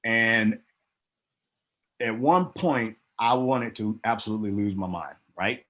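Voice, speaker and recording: A middle-aged former wrestler, a man, telling stories in a casual interview, acting out other people's lines with big jumps in his voice. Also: takes it slowly. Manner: animated storyteller, acts out quotes with big pitch jumps. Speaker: guest, former pro wrestler.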